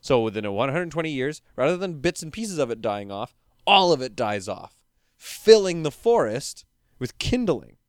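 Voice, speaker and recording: A man hosting a podcast, explaining with animated, joking energy. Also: mid-range voice, clear, resonant tone, no room sound, clean studio sound. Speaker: podcast host. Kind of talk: casual podcast chat.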